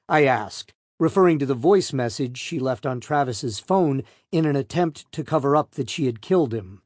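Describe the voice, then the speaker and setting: Lively male narrator of a true crime book. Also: mid-range voice, normal speed, few pauses, no echo, clean studio sound. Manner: pointed, probing questioning voice. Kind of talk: first-person true crime audiobook narration.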